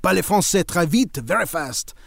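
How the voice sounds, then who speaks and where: A boastful man with a thick French accent brags in a quick, showy way, as a man puts it on. His voice is a little high, and the sound is dry and close. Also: expressive, gravelly, no room sound, full character voice.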